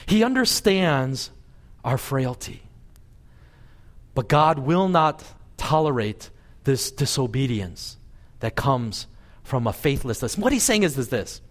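Animated man preaching a sermon. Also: takes it slowly, long pauses. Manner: animated storytelling, voicing God and Moses with lively pitch swings. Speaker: pastor. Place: church service.

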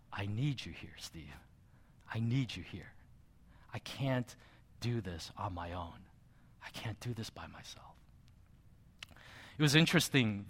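A middle-aged male pastor preaching a sermon, telling a personal story in a conversational way with soft asides. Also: mid-range voice.

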